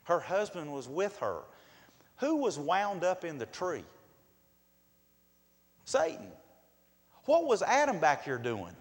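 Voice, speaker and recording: A man's voice: on the high side, wildly swooping pitch, slow pace, long pauses. A male pastor delivering a sermon, asking rhetorical questions and acting out quotes in a raised voice. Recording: long hall reverb.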